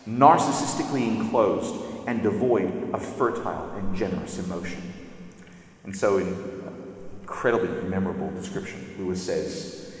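A man's voice: medium pitch, moderate pace, a little mellow. Man lecturing in an echoey hall. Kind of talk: literature lecture. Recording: echoey hall with long reverb.

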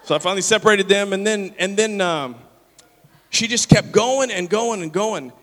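A pastor telling a story in a sermon and acting out the people in it. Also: male voice, high voice, moderate pace. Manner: animated, acts out the people in his story. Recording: long reverb of a large hall.

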